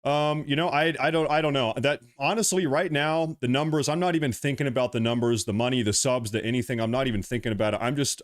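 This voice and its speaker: Male streamer host, mid-pitch, agitated repetitive ranting with restarts. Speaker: livestream host. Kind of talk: live-stream commentary, reading super chats.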